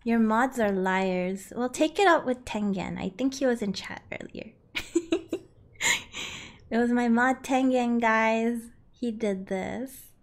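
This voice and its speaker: A fairly high-voiced woman live-streaming a game from her home setup. She reads chat aloud and answers in a giggly, playful way. She yelps and grunts as she plays. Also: slow pace. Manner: yelps and grunts while playing. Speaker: streamer playing a climbing game.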